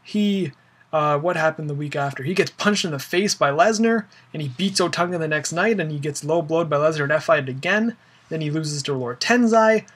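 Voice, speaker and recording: Young guy vlogging, kinda high voice, rambly and fed up, lots of like and you know. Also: moderate pace, a bit bright, slightly rough. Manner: rambling, filler-heavy, exasperated. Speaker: wrestling fan vlogger. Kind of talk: casual opinion rant.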